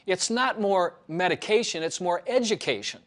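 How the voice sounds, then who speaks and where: Guy with a slightly higher voice preaching away, hammers the same points over and over. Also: lively intonation, normal speed. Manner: emphatic, repetitive, preachy. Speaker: health author. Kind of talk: promotional monologue.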